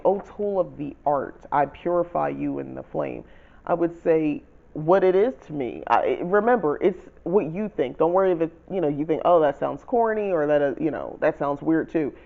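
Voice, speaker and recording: A man hosting his own channel, casually walking viewers through rewriting a spell, chatty and self-correcting, reading spell lines out slowly. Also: a little high, vocal fry, lo-fi sound. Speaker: channel host teaching spell writing. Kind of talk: casual how-to explanation.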